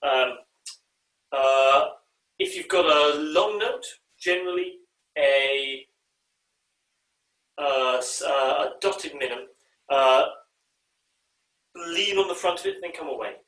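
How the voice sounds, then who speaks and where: A man directing an online choir rehearsal, often pausing with ums and uhs and singing short bits of the music to show how a phrase should go. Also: a little high, fairly bright tone. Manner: demonstrates phrases by singing and speaking them; hesitant, with frequent ums and uhs. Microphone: video call. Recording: echoey room, far from the mic.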